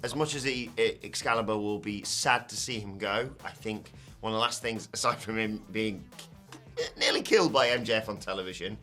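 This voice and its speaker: A man's voice: fairly low pitch, a little fast, sharp tone, faint music behind. A man co-hosting a wrestling news show, chatting and joking casually with his co-host. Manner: joking, chatty, breaks into silly sung lines. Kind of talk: casual podcast banter.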